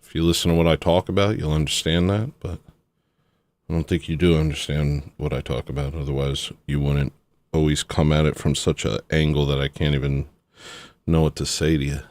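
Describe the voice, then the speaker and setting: A man's voice: extremely low pitch, level tone, brisk, a little mellow, dry recording. A man hosting a livestream and talking casually in a rambling, sarcastic way, dismissing a critic in his chat. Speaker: livestream host.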